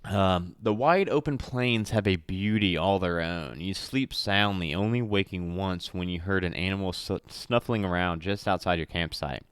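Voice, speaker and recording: A man with a low, smooth voice reads out a solo adventure module as game master. He trips over words, corrects himself and breaks off for casual asides. The sound is close and dry, with no room around it. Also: normal speed, few pauses, fairly bright tone, dry recording. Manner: reads with slips and self-corrections, chatty asides. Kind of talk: reading a solo adventure aloud.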